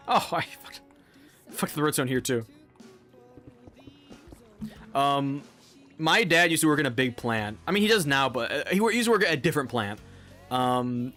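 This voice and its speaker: A man's voice: mid-range voice, sharp tone. A young man streaming a game, chatting casually in a rambling, profane way and laughing often. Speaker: live streamer.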